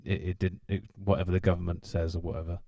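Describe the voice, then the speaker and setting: A British man co-hosting a casual podcast, his voice sitting a little low. He jokes and teases his friends, recorded close and dry. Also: level tone, quick pace, dark tone, dry recording. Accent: British English. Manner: joking, laughs often, teasing. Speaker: podcast co-host. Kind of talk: casual chat.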